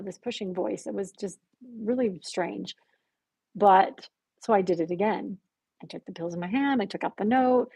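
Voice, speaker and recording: Animated woman telling her story, dry sound. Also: medium pitch, gravelly, breathy edge, dry recording. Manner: animated storytelling, acting out quoted voices with gasps. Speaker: podcast guest. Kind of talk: telling a personal story in conversation.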